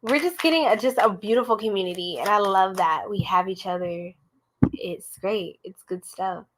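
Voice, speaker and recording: A woman's voice: mid-range voice, moderate pace, a little hiss or hum. A young American woman giving a live-streamed tarot reading, talking chattily and straight to her viewers. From United States. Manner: chatty, animated, talks straight to viewers as y'all. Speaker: tarot reader.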